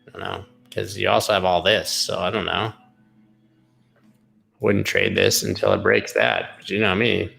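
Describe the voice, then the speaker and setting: A man with a deep, gravelly voice running a casual live stream about market charts. He wanders into sarcastic tangents, swears now and then, and chats back to his viewers. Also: fairly even intonation, normal speed, sharp tone, faint music behind. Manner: rambling and sarcastic, goes off on tangents, swears, talks to chat.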